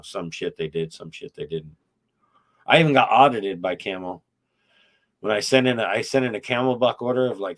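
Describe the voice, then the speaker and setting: A middle-aged man hosting a casual podcast chat, telling rambling, profane, wry stories about his YouTube channel. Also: lowish voice.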